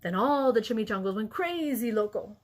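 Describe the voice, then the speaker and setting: A woman teacher reading a picture book aloud in an expressive, playful way. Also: on the high side, brisk, slight background noise. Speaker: elementary school teacher.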